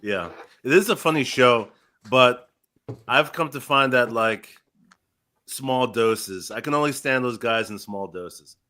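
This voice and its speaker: Casting: male podcast guest, bright tense tone, blunt opinions. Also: mid-range voice, lively intonation, unhurried. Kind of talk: casual chat.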